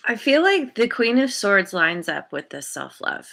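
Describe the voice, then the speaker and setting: Slow, bright-voiced woman reading tarot. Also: medium pitch, very animated, gravelly. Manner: gentle and meandering, searching for words; encouraging, spiritual. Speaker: tarot card reader. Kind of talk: intuitive tarot reading for viewers.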